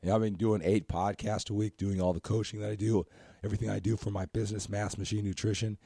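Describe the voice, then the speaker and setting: A hoarse, scratchy-voiced man hosting a motivational podcast, talking earnestly in a rambling way and often asking "right?". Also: on the low side, level tone, fast, mellow, dry recording, studio quality. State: hoarse from talking too much. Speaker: podcast host and coach.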